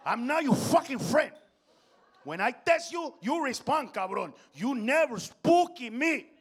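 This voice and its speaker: An angry older father, acted by a man, barks and scolds and twists his English. The voice sits high and turns loud. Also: sing-song, a little slow, husky, exaggerated voice. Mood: scolding. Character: angry older immigrant father with a thick accent.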